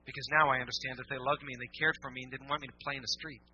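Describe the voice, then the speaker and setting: A man preaching a sermon to his church in a casual, animated way, slipping into mock voices to make his points. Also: mid-range voice, very fast, husky. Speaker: pastor. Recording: dull lo-fi church recording.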